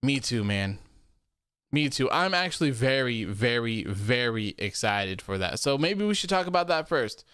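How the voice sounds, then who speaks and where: A young man hosting a wrestling post-show livestream, chatting casually with a rambling, relaxed manner and reading out viewer comments. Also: medium pitch, moderate pace, clean tone, no room sound, studio quality. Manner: rambling and relaxed, many fillers and repeats.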